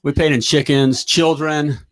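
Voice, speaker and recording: A middle-aged man hosting a live talk show, giving an energetic pep talk and checking in often with "all right?". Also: a little high, unhurried. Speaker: talk show host and plumbing business coach.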